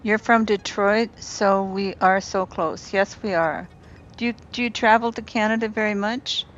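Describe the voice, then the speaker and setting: A woman chats easily through a home gameplay stream, musing aloud over her next move and answering viewers as she goes. Her voice sits at an ordinary middle pitch. The sound is a little dull, with a faint hum of noise behind her. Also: steady tone, moderate pace. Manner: chatty, thinks aloud while building. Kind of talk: casual gameplay chat with viewers. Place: home apartment.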